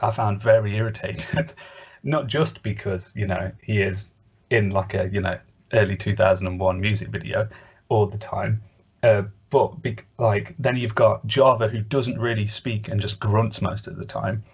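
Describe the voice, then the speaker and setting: Reviewing a cartoon in casual conversation, a male podcast co-host talks at a moderate pace in a lowish, steady voice that is slightly rough with vocal fry. His manner is rambling and hesitant, loaded with fillers, on dull lo-fi audio.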